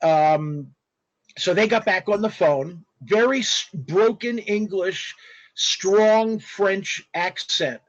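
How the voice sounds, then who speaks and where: Animated man telling stories, high voice. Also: slow pace, no room sound. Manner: animated, rambling, with spoken sound effects. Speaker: guest artist. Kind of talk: casual interview storytelling. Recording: dull lo-fi dry audio.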